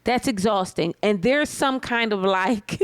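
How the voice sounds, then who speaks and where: A woman co-hosting a casual TV review chat, making her points with lively examples and asides. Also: medium pitch, unhurried, smooth, no echo. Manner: animated, explains with examples and asides. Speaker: co-host of a reality TV review show.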